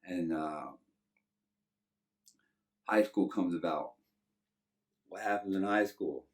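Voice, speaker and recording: A Texan man in his thirties recounts his past in an easygoing, meandering way, leaning on "you know" as he goes. His voice sits very low. The mic is a little distant from him. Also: slow pace. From Texas. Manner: loose and rambling, many "you know" fillers. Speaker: guest. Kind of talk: casual life-story telling.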